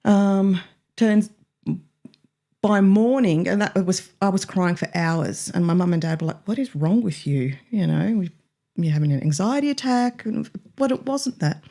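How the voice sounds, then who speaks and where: A woman's voice: mid-range voice, warm tone. A woman co-hosting a radio chat, talking in a reflective and emotional way about her own experiences. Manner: emotional, reflective, slow in places. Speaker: radio co-host.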